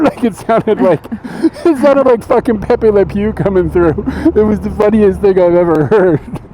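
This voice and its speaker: Gravelly, laid-back male streamer. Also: a little high, warm tone, a little hiss or hum. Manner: laid-back, chatty, laughs often. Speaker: IRL streamer. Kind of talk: casual storytelling on a walk. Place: outdoors on a city street.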